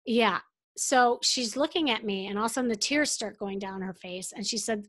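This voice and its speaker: A woman dating coach and therapist telling a client story in an interview, animated and full of fillers. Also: mid-range voice, normal speed, no room sound.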